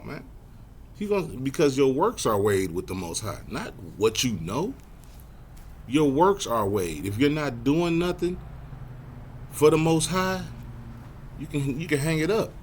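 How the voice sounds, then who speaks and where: A man teaching a Bible study lesson in a casual, direct way. He slows right down to read scripture aloud, jumps up in pitch, and lets tag words trail off softly. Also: slight background noise. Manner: casual, addresses listeners directly.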